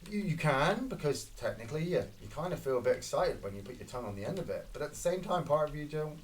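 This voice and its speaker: A Scottish man streaming a shooter game and talking through it in loose, casual commentary. His voice sits a little high and leaps around constantly as he swears and whoops at every kill. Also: quick pace, a little hiss or hum. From Scotland. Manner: excitable, swearing, reacting loudly to kills. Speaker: gaming streamer. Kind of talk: casual live gameplay commentary.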